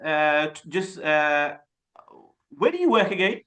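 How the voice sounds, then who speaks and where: Speaking slowly and with a fairly high pitch, this Birmingham-born sales coach in his forties talks into a desktop webcam mic while coaching a group by video call. Urdu is his first language and he has a Birmingham English accent. His style is energetic and chatty, with frequent restarts of his words.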